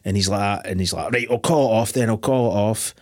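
A man's voice: on the low side, a little fast, no room sound, clean studio sound. A man, co-hosting a casual film podcast, swearing and laughing as he retells scenes. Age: 40s. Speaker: podcast co-host. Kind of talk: casual chat.

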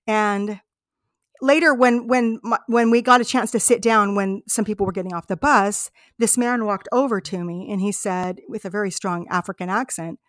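In this dry, studio-grade recording, a US podcast host recounts her own travels with sincerity and reflection. Her mid-range voice is fairly bright, holding a steady tone at a moderate speed.

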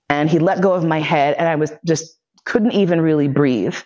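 In a lecture, a podcast host shares a personal story, speaking with blunt profanity, frequent fillers, and restarts, and vividly mimicking others' speech. The medium-pitched, slightly mellow voice moves at a moderate pace with hardly any pauses, and the high frequencies are cut off.

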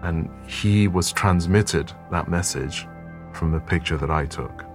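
A man's voice: low voice, measured pace, music in the background. A man, a photographer telling a story thoughtfully in an interview and often repeating words as he gathers his thoughts. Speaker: photographer guest.

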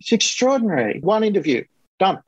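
A man coaching guest telling a client's success story in a lively, conversational way, acting out other people's lines as he goes. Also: high-pitched, a little fast, husky, no room sound, low-quality recording. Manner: animated, quotes others in lively voices.

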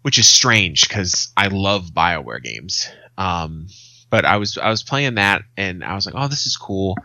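A man's voice: sits low, lively intonation, a little slow, sharp tone, no room sound. A man in his thirties, a podcast co-host telling stories in casual chat, swearing freely and acting out quotes. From Arizona, USA. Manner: swearing, storytelling with acted quotes.

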